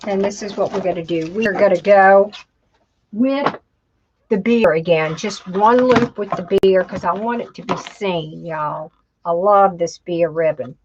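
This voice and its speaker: Woman, live craft tutorial host, slow and chatty, talks to herself while working, mid pitch, dull lo-fi stream audio. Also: slight background noise. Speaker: craft instructor.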